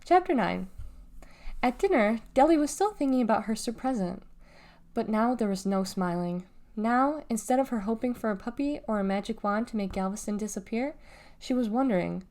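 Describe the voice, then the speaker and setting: Woman reading a storybook aloud, mellow. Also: on the high side, expressive, moderate pace. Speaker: storybook reader. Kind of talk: reading a children's novel aloud.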